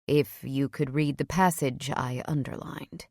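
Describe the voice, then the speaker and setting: A woman's voice: steady tone, a little slow, vocal fry, dry recording, clean studio sound, exaggerated voice. A woman doing a smug whispering man. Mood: teasing. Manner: low hushed whisper. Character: smug flirtatious man, teasing.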